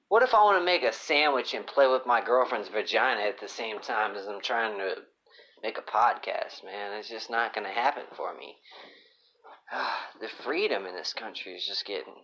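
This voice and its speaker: A man's voice: on the low side, lively intonation, measured pace, bright, forceful tone, breathy edge. Profane moody man ranting. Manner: profane, moody, rambling rants. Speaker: podcast host. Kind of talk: crude rambling comedic monologue. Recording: dull lo-fi phone app recording.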